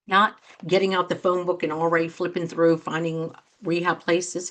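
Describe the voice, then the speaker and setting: Woman coach, middle-aged, earnest talk-show monologue, lowish voice, acts out reactions. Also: level tone, moderate pace, a bit bright. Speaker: host and coach.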